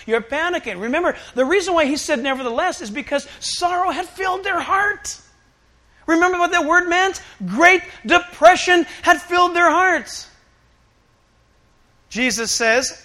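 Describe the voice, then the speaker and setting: A middle-aged male pastor preaching a sermon, animated and acting out the voices he quotes. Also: high-pitched, moderate pace.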